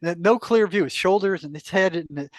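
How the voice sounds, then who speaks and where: An older man with a notably high-pitched voice spins a long personal story, acting out the back-and-forth of what was said and breaking into laughs along the way. The sound is dry and close, with no room around it. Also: fairly quick, no room sound. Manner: animated storyteller, acts out quoted exchanges, laughs often. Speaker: guest telling a story. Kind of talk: casual storytelling interview.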